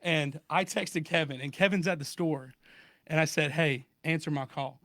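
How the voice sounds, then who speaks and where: A man in a casual podcast chat with friends, telling a story in an animated way and acting out both sides of phone calls. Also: a little high, moderate pace, no echo, clean studio sound. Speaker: podcast co-host.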